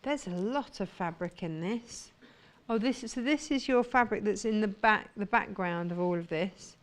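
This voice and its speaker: A woman's voice: mid-range voice, moderate pace. A woman presenting sewing products on a live shopping channel, talking with gushing enthusiasm. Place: TV studio.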